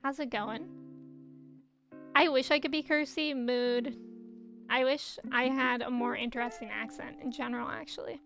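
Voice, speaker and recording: A woman's voice: high voice, moderate pace, fairly bright tone, faint music behind. A woman streamer with a slightly nasal voice, chatting casually while she plays a game and reads chat. She is bubbly and chatty and laughs often.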